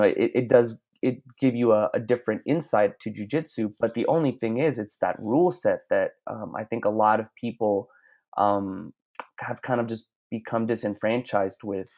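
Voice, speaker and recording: A man with a lowish voice talks casually, winding through his stories in a halting, rambling way. The recording sounds dull and lo-fi, missing its top end. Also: darkish tone. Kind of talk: casual chat.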